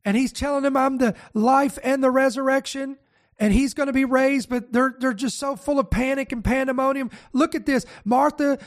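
Brief: high-pitched pastor, fervent sermon delivery, punches points with "come on", reads scripture aloud. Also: steady tone, moderate pace. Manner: impassioned, repeats "come on" for emphasis.

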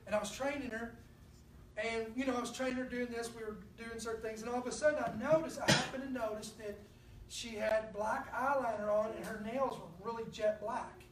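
A woman preacher, telling a personal story to her congregation in a lively, conversational sermon. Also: a little high, brisk, background noise. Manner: storytelling, animated, addresses the congregation directly. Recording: echoey room from a distance.

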